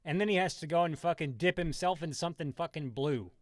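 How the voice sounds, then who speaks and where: A man with a slightly high voice rants on a stream, swearing constantly and sarcastic as he rambles from one tangent to the next. The sound is dry and close, with no room around it. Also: fast, no echo. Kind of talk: profane ranting commentary.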